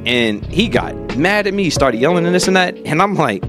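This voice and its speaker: A man's voice: fairly high pitch, animated, moderate pace, over music. A young man co-hosting a podcast, telling a work story in loose casual chat, swearing freely and laughing often. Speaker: podcast co-host.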